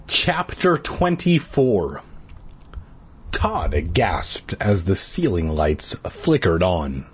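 A man's voice: sits low, very animated, very slow, slightly rough. A man reading a children's horror book aloud as a comic parody, with mock-dramatic delivery and crude ad-libbed lines. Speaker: reader.

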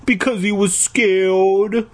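A man's voice: high-pitched, steady tone, takes it slowly, pitched above the performer's own voice. A man voicing a mean bullying girl who talks in a mocking way.

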